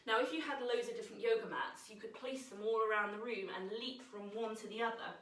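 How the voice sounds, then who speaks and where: A woman leading a children's yoga lesson, gentle and encouraging, telling a playful story as she guides the moves. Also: fairly high pitch, fast talker, reverberant, distant mic, poor audio.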